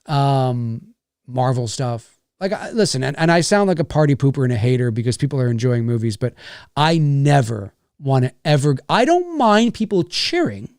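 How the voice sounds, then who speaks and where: A man's voice: medium pitch, sing-song, normal speed, darkish tone, no room sound, studio quality. A man hosting a casual livestream rant, rambling and swearing, with many restarts. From Canada. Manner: rambling, profane, frequent restarts. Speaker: YouTube host.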